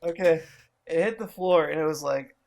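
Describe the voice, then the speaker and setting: A man's voice: a little high, normal speed, creaky. A man chatting casually as a tabletop game player, rambling and laughing at times.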